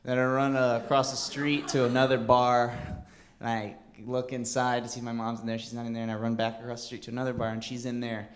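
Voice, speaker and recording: A male comedian tells a long story on stage at an ordinary middle pitch. His delivery is halting and rambling, with many restarts. He speaks into a stage mic. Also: flat delivery. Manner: rambling, halting delivery with bursts into a high wailing child voice. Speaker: stand-up comedian. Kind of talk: stand-up storytelling.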